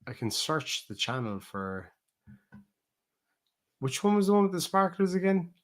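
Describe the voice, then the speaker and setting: A man's voice: sits high, big pitch swings, a little slow. A man hosting a live stream, chatting loosely and profanely while looking back at old clips. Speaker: streamer host. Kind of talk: casual live stream chat.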